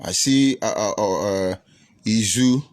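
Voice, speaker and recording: A Nigerian English–accented preacher runs a livestream, taking on viewer comments combatively and preachily with plenty of rhetorical questions. His voice is lowish and unhurried.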